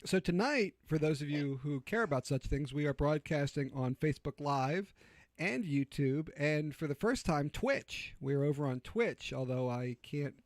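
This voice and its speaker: A man's voice: fairly high pitch, lively intonation, normal speed, no echo. Rambling, chatty male show host. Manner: rambling, self-interrupting, laughs easily, swears. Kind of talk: casual chat.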